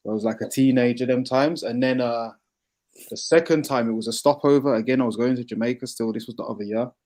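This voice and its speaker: A man's voice: medium pitch, fast talker, a little mellow. A young man with a Birmingham English accent chatting casually, slangy and candid. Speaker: panel guest. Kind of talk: casual chat.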